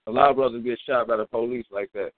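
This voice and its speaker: Brief: mid-pitched man, reflective and halting, dry tinny lo-fi audio. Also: steady tone, no echo. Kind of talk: casual chat. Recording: tinny phone-like sound, dry.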